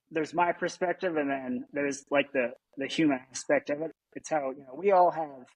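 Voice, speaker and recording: A man's voice: medium pitch, slightly rough, dry recording, rough recording. A man, a military veteran, talking earnestly in an interview and explaining things at length, often repeating himself. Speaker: podcast guest, military veteran. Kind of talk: conversational interview answer.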